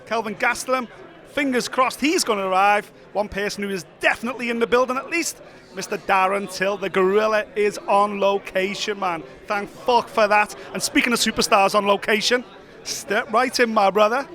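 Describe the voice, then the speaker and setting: A high-voiced man with a bright, forward tone hosts a casual walk-and-talk vlog. He chats quickly and excitedly and swears freely. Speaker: host.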